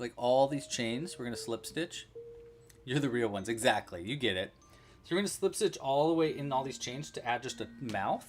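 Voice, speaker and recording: A man hosting a casual crochet livestream tutorial, narrating his own handiwork with chatty, playful asides to viewers. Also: medium pitch. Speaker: crochet instructor.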